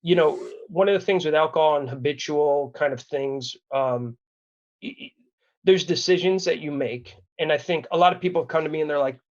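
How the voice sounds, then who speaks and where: A man's voice: a little high, moderate pace, a little mellow, lo-fi sound. A man in his thirties from Wisconsin, telling a personal story as a podcast guest in a candid, earnest, rambling way with many restarts. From Wisconsin, USA. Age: 30s.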